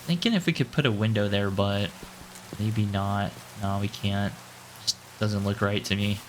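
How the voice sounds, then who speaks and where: A low-voiced man chats through his gameplay in a relaxed, playful way, calling himself "your boy" and thinking out loud. His voice often jumps up in pitch when something excites him. A faint hiss sits under his voice. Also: normal speed. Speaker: gaming channel host. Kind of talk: casual gameplay commentary.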